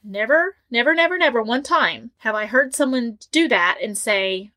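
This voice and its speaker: A woman relationship coach giving direct advice to camera, emphatic and animated, driving her points home by repeating them. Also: a little high, moderate pace.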